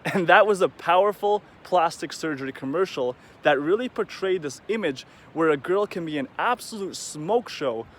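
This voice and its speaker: A man's voice: a little high, expressive, normal speed, few pauses, a bit bright, slight background noise. A man talking casually to the camera in a rambling, conversational vlog, now and then acting out the voices of people he quotes. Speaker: vlogger.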